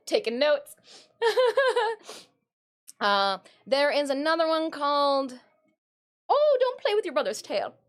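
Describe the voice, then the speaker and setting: Animated high-voiced woman streamer. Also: slow, long pauses. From Michigan, USA. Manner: animated, giggly, rambling. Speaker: live streamer. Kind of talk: casual live-stream chat reading viewer comments.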